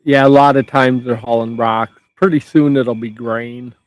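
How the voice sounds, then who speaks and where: Laid-back woman co-host, unusually deep voice, talks in short easy answers. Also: fairly even intonation, normal speed, no echo, rough recording. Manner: laid-back, brief replies. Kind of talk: casual chat.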